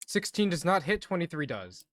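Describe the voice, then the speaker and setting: A game master running a tabletop game in a casual, excitable way, with loud outbursts and laughter. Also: mid-range voice, normal speed, no room sound, clean studio sound. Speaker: dungeon master. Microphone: streaming microphone.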